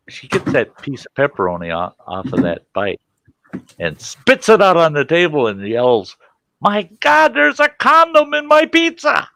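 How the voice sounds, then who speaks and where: A man in his sixties in casual storytelling, animated and acting out voices, swearing freely. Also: sits low, dry recording. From Wisconsin. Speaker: vlogger.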